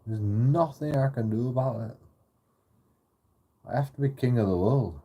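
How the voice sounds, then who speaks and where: A man's voice: medium pitch, moderate pace, muffled recording. A man ranting profanely to camera in a repetitive monologue vlog. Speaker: channel host.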